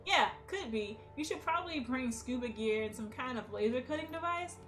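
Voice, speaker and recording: A woman's voice: high-pitched, lively intonation, moderate pace, fairly bright tone, soft background music. A woman voicing a man trapped in a pipe who urgently pleads for help, reading game dialogue aloud. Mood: relieved.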